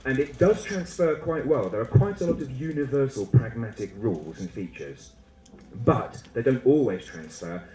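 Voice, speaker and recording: Animated male lecturer in an echoey hall. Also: on the low side. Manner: animated, humorous, acts out student and teacher voices. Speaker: conference speaker. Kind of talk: lively lecture to teachers.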